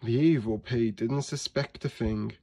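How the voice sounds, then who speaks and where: A man reads a children's picture book aloud, as a teacher would for a class. His narration is clear and expressive, at an ordinary middle pitch. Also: measured pace. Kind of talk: children's story read-aloud.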